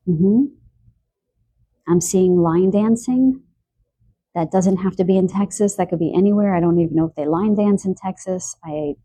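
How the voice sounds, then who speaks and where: A woman giving an intuitive love card reading, musing aloud with soft laughs and a slightly stuffy nose. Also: on the low side, no room sound. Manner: musing, stream-of-consciousness, frequent soft laughs. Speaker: tarot card reader.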